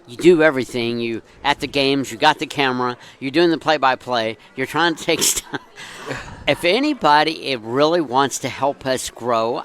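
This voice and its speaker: A man's voice: medium pitch, fairly bright tone. A man co-hosting a live talk show, rambling and enthusiastic while plugging a restaurant. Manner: rambling, enthusiastic, laughs often. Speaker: co-host. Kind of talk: casual sports talk and sponsor plugs.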